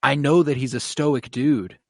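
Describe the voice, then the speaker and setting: A man co-hosting a podcast, chatting casually with relaxed, enthusiastic opinions. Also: medium pitch, unhurried, creaky. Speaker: podcast co-host. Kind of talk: casual chat.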